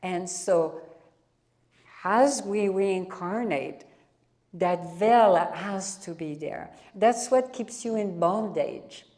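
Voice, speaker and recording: Before a live audience, a woman with a French accent leads a satsang as a spiritual teacher. She speaks in a warm, mid-range voice, stretching her phrases out and frequently starting over.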